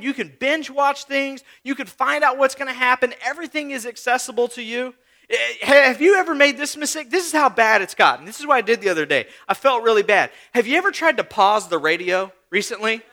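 A male pastor in his thirties delivering a conversational sermon, leaning on rhetorical questions and repeated phrases. His voice sits very high and sounds bright and forward. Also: animated, brisk.

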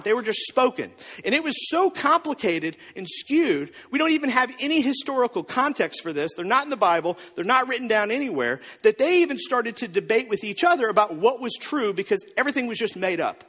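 A male pastor preaching a sermon with joking asides and lively storytelling. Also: very high voice, breathy edge. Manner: animated storytelling with jokes and asides. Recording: long reverb of a large hall.

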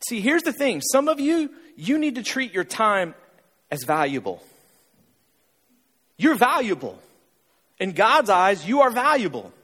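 High-pitched animated preaching man. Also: measured pace, pauses often, husky, big-room sound. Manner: emphatic, repetitive preaching with rhetorical questions. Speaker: pastor. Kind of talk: sermon.

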